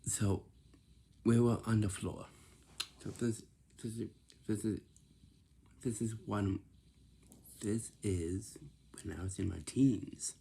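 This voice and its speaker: A young man giving casual advice, talking in halting phrases that he often restarts and sometimes drops to a whisper. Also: on the low side, steady tone, vocal fry, mellow.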